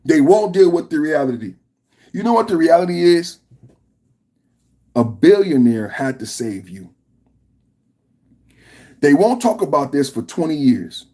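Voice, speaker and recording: A man hosting a podcast, delivering a political reaction rant in an emphatic, slangy, repetitive way with a husky voice. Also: fairly high pitch, sing-song, unhurried, long pauses, warm tone. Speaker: podcast host.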